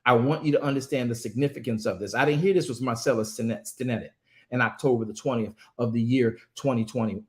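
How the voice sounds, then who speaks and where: Talking fast in a mid-range voice, a ministry speaker delivers fervent, emphatic commentary. He repeats himself and stumbles, stammering whenever he restarts a phrase.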